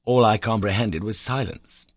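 An audiobook reader with a husky, fairly low voice narrates a classic adventure novel in the first person at normal speed, adding dramatic emphasis. The recording is dry and studio quality.

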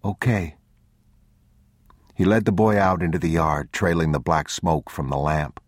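A man narrating an audiobook in a measured, grave, unhurried way, on a close studio mic. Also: a bass voice, no room sound. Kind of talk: scripted narration.

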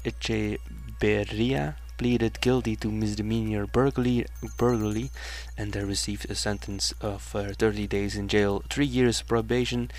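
A man's voice: fairly low pitch, steady tone, a little slow, hardly any pauses, darkish tone. A man working as a radio DJ, reading a news item between songs with frequent fillers and restarts. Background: faint music.

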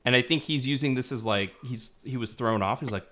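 A man's voice: medium pitch, fairly quick, a bit bright. A man co-hosting a podcast, casually giving his take on a film in a laid-back way and chuckling now and then. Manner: laid-back, chuckling, talks through his points with restarts. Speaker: podcast co-host. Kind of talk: casual film review chat.

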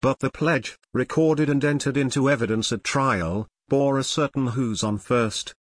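Guy narrating a true story, calm matter-of-fact read, dead dry studio sound. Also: mid-range voice, unhurried, no room sound. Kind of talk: scripted nonfiction narration.

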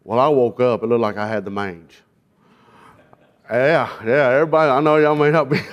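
A man's voice: mid-range voice, steady tone, moderate pace, dull audio. Folksy man telling a sermon testimony. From South Arkansas, US. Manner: folksy, self-deprecating, with frequent fillers. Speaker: guest speaker, jail minister. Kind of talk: sermon testimony with humorous storytelling. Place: church.

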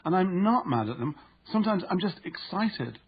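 A woman's voice: fairly low pitch, sing-song, moderate pace, breathy edge, muffled recording, voice pushed up, full character voice. A man voicing an earnest woman who insists on how she really feels. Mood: insistent. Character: earnest woman insisting on her true feelings.

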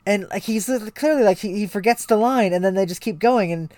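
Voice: medium pitch, fairly quick, a little mellow, no room sound. A podcast co-host in casual comedic chat, rambling with restarts, swearing now and then.

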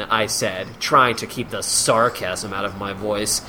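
A man's voice: medium pitch, big pitch swings, unhurried, few pauses, pushed and bright, slight background noise. A man hosting a comedy podcast, reading a column aloud in a mocking way and laughing often.

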